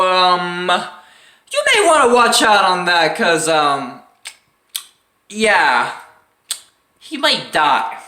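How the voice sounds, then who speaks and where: A man's voice: high-pitched, pushed and bright, roomy sound. A young man telling a story in a casual, profane way, acting out the people he quotes with laughs and grunts.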